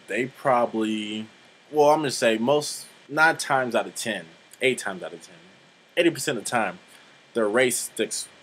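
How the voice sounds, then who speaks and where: A man's voice: fairly low pitch, a bit bright, low-quality recording. Rambling, profane young man vlogging. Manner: rambling, blunt and profane, many fillers. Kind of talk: casual vlog monologue.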